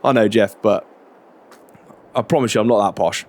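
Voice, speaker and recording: A man, chatting in a relaxed, rambling way during a farming game roleplay. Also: lowish voice, moderate pace. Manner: relaxed, chatty, many fillers and restarts. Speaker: roleplay creator.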